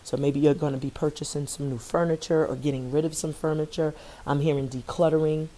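Low, flat-voiced woman tarot reader. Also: fairly quick. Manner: earnest, affirming, repeats phrases for emphasis. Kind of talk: spiritual tarot reading.

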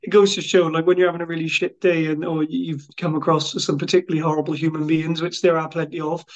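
High-voiced enthusiastic podcast host. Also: male voice, level tone, fast talker. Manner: enthusiastic, matey. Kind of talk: casual interview chat. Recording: dull lo-fi audio.

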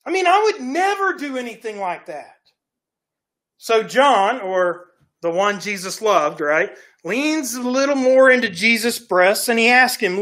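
A man's voice: extremely high pitch, expressive, measured pace, a bit bright. A male pastor preaching a sermon in a folksy storytelling way, often checking in with "right?" and "okay?". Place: church sanctuary.

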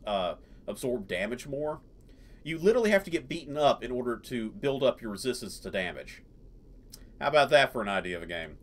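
A man hosting a gaming channel, rambling through casual let's-play commentary with many fillers. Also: medium pitch. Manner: rambling, lots of fillers and laughs.

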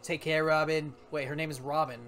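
A man's voice: fairly high pitch, level tone, fairly quick, fairly bright tone. A man playing a video game with a friend, sarcastic, swearing and laughing often. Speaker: gamer, co-host. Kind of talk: casual let's-play banter.

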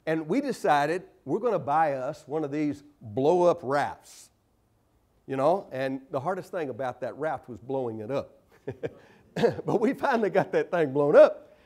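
A man preaching a sermon in church, earnest and emphatic, slowing to stress key phrases and scripture. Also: a little high, big pitch swings, a little mellow.

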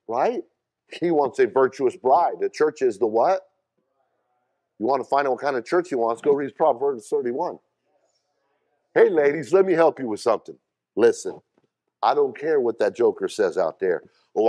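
Emphatic man preaching a sermon. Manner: emphatic preaching with sudden loud high bursts and quieter asides; repeats words and calls out questions to the congregation. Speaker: pastor.

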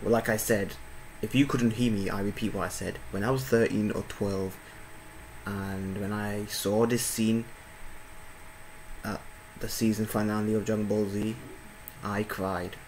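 A man's voice: fairly low pitch, fairly even intonation, a little slow, long pauses, slight background noise, poor audio. A man giving casual, effusive reaction commentary as a YouTuber, often repeating his words. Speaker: YouTuber reacting to an anime clip. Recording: loud soundtrack music behind voice.

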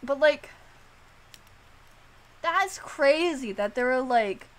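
A woman streamer chatting casually, animated and swearing, filling her talk with "like.". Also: high-pitched, slow pace. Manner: animated, swearing, heavy use of "like".

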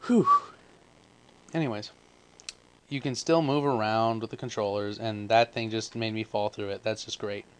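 A man's voice: lowish voice, steady tone, normal speed, a little hiss or hum. A man giving a casual, rambling coding tutorial with lots of offhand asides and self-corrections, while he has the hiccups. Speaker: tutorial maker.

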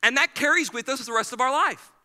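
High bright-voiced preaching pastor. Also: male voice, fast talker. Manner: energetic, preachy, acts out quoted people. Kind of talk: sermon. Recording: hall reverb.

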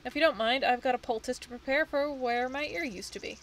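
A woman's voice: high voice, brisk, slight background noise, voice pushed up, natural voice. A woman voicing a terse, resigned male escaped convict in a video game, close to her own voice. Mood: grudging. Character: grudging male escaped convict, wants solitude. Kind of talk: reading game dialogue aloud.

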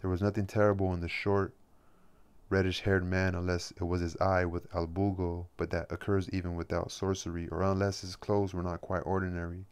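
A man reading a classic novel aloud as an audiobook, in steady, measured narration. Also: sits low, smooth. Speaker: reader.

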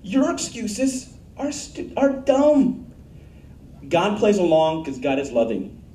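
Pastor, male, high-voiced, mellow tone, blunt emphatic sermon delivery, roomy church sound from off-mic. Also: wildly swooping pitch, takes it slowly, recorded from a distance. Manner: blunt, emphatic preaching with asked-for audience answers.

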